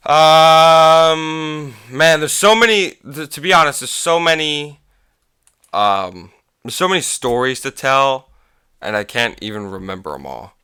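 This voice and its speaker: A man's voice: fairly high pitch, expressive, measured pace, bright, forceful tone, clean tone, no room sound, studio quality. A man chatting casually on his own podcast, rambling through stories with lots of swearing and filler words. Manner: rambling, swears a lot, frequent fillers and laughs. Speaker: podcast host. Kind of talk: casual solo podcast chat.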